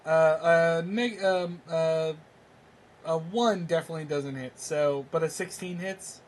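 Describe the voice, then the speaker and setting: A man running a tabletop game as game master, halting with many ums and uhs and often laughing. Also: on the high side, fairly even intonation, slight background noise.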